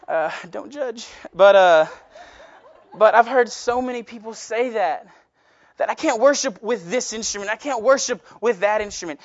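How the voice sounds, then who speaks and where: Young guy youth pastor, high voice, gets worked up then jokes about it, kinda dull dry recording. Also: no room sound. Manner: impassioned, rambling, self-deprecating asides. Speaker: youth minister. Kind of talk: youth sermon.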